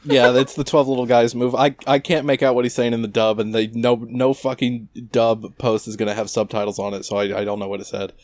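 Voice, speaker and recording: A man at a middle pitch, recorded close and dry with no room sound. He chats casually about an anime, wry and profane, and often restarts his sentences. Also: little pitch movement, brisk, hardly any pauses, a little mellow, no echo. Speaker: podcast co-host. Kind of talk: casual chat recapping an anime.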